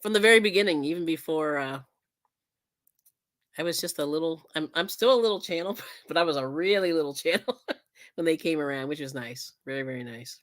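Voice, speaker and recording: Speaking fairly quickly in a low-pitched voice, a woman chats and crafts on a casual live stream, laughing often and thanking viewers.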